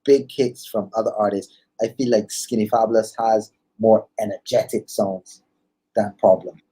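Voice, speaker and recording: A man from Barbados with a Barbadian accent, a singer guest talking in a laid-back, soft-spoken way. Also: lowish voice, steady tone, moderate pace, husky. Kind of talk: casual interview chat.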